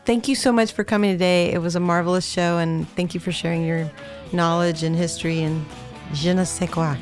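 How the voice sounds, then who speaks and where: A woman hosting a podcast, asking quick curious follow-up questions and closing the show. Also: lowish voice, steady tone, faint music behind. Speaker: podcast host. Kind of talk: interview and show outro. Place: recording studio.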